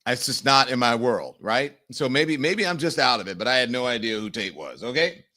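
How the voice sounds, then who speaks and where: A man's voice: mid-range voice, fairly quick. A man hosting a live news show and commenting on the day's stories. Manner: animated, mimics people in quoted voices. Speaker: show host.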